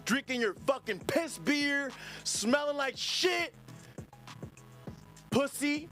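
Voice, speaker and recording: A man's voice: extremely high pitch, expressive, slow, over music. A man hosting a livestream podcast, ranting angrily at his chat in a profane, drawling, sing-song way. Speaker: podcast host.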